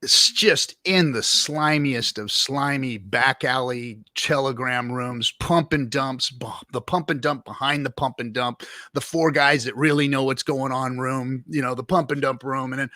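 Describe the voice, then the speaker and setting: A man's voice: medium pitch, measured pace, pushed and bright, no room sound, studio quality. A man guest telling his story in a casual, rambling and profane way, full of fillers and restarts.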